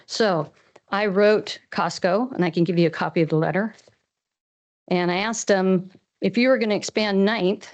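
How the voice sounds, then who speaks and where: Farm lady from washington state at a city council mic, earnest, rambly, kinda emotional, lowish voice. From Washington State, USA. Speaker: farmer giving public comment. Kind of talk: public comment at a council meeting. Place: council chamber.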